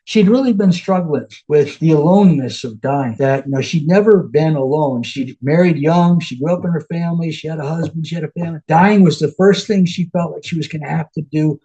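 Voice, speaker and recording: A man's voice: on the high side, brisk, hardly any pauses, warm tone, breathy edge, dull audio. A man as a podcast guest, earnestly retelling a patient's vivid dream in a storytelling manner. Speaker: guest, end-of-life care worker.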